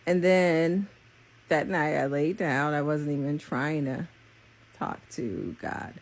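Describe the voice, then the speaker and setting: A woman's voice: low voice, slow. A young adult woman, a psychic reader and spiritual coach, gives an earnest, rambling, openly emotional spiritual message in casual confessional talk. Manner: earnest, rambling and repetitive, with many fillers.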